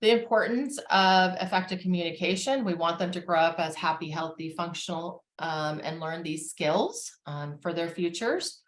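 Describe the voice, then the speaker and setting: A woman therapist giving a calm, measured educational talk on family relationships, with frequent fillers. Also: lowish voice, reverberant.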